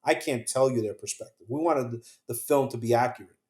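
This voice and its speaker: A man, a guest on a show, talks through his own story in a mid-pitched voice. He is earnest and acts out what others said, then drops very soft at the hardest moments. The room around him is roomy and echoey. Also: brisk. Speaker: podcast guest, survivor telling his story. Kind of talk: emotional first-person storytelling.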